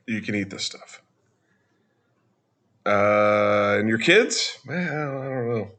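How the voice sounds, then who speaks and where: A man's voice: on the low side, expressive, slow pace, long pauses, a bit bright. A man talking casually over a walkthrough as a travel vlogger, chatty, with joking asides.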